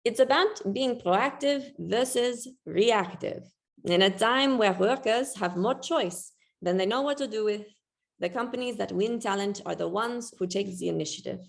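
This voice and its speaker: A woman's voice: medium pitch, normal speed, vocal fry, pitched above the performer's own voice, natural voice. A woman putting on a mock French accent. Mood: playful. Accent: attempted French accent.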